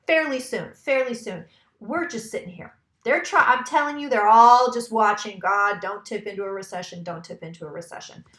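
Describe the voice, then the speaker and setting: A woman does a loose, chatty tarot reading, circling back on her points and dropping the odd swear word. Her voice sits a little high. The room around her rings with noticeable echo. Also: a bit bright. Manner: chatty, rambling, swears casually. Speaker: psychic doing a tarot reading. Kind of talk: casual tarot reading monologue.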